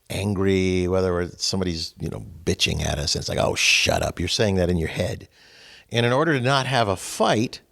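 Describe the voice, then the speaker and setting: A middle-aged man leads a casual spiritual group talk. He tells stories with lots of asides, and his pitch swings up and down in a lively way. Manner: animated storytelling with asides. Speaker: discussion group host.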